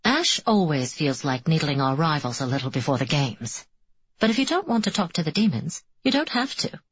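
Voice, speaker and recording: A woman reading the part of a wary young male teammate who speaks quietly, almost muttering. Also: low-pitched, big pitch swings, a little fast, breathy edge, dull audio, exaggerated voice. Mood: low-key.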